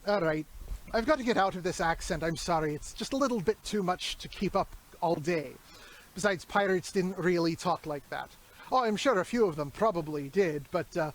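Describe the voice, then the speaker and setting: A chatty male horror host with a notably high voice, rambling through film trivia in a casual, joking way. A faint room ambience hums behind him. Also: slight background noise. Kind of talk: casual movie commentary.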